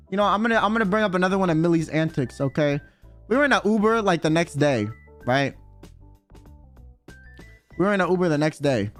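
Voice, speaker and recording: A young man streaming, telling a funny story in casual chat, excitable and swearing a lot as he acts out what people said. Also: sits high. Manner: excitable, swears a lot, quick quoted voices.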